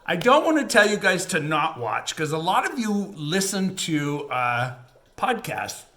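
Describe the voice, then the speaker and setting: A man's voice: fairly high pitch, sing-song, unhurried, sharp tone, echoey room. A middle-aged man chatting casually to viewers while he works on a diamond painting, rambling and laughing often. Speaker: crafting channel host.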